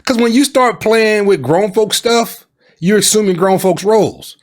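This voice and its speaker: Lively high-voiced man coaching on love. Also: unhurried. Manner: lively and colloquial, acts out little quoted exchanges, calls listeners baby and boo. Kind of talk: preaching-style advice talk to camera.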